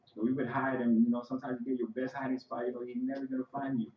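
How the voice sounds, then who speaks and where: A man's voice: mid-range voice, flat delivery, fast talker, reverberant, dull audio. A man, a son, giving a conversational, story-filled eulogy for his father at a funeral. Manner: conversational and storytelling, with frequent "you know" asides. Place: church sanctuary.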